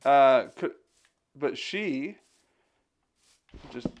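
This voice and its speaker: A man's voice: mid-range voice, expressive, drawn-out words, lo-fi sound. A man streaming a game, casually chatting to himself and his viewers between thoughts on scripture. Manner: chatty, talks to himself while playing. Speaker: game streamer and digital missionary. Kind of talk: casual chat while gaming and reading scripture.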